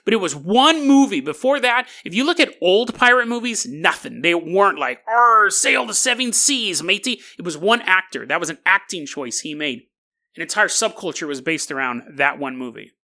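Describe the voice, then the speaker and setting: A podcast host giving a casual monologue in a joking, animated way, with frequent quick restarts. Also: medium pitch. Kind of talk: casual monologue on conspiracy lore.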